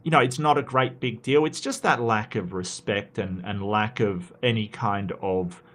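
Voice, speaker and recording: A man's voice: on the low side, moderate pace, a bit bright. Australian male streamer, casual and rambling, reads chat aloud, full of restarts and fillers.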